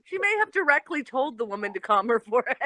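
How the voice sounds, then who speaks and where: A woman co-hosting a casual gossip chat, telling stories in a giggly, animated way. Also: a little high, fast talker. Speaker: co-host.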